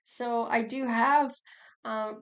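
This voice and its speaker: Middle-aged lady doing a tarot reading, kinda high voice, slow and chatty, rambles a lot. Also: fairly even intonation. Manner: chatty, rambling, with frequent sighs and laughs. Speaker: tarot reader. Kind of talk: casual tarot reading monologue.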